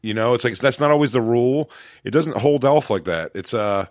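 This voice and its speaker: A man's voice: medium pitch, fairly quick, no echo, clean studio sound. A man with a Philadelphia accent, a comedian guest chatting in a loose, rambling way from home. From West Philadelphia, USA. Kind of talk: casual chat. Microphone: remote podcast mic at home.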